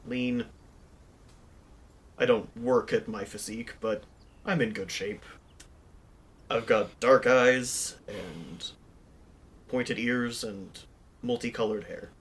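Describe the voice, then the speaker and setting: A player voicing a grave, soft-spoken dog ranger. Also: medium pitch, slow, pauses often, close to an everyday voice. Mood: solemn. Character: young male dog ranger, earnest, dignified. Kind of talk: tabletop role-play character voice.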